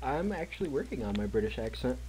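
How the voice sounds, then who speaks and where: Male streamer, easygoing and chatty, mid-pitched, game music in the background. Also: very animated, quick pace, a little mellow, low-quality recording. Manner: laid-back, chatty, jokey. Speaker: gaming streamer. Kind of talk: casual gameplay chat.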